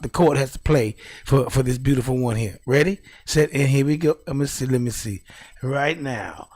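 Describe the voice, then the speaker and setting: A man's voice: mid-range voice, normal speed. A man hosting a live talk show, talking casually, rambling and repeating himself. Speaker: host.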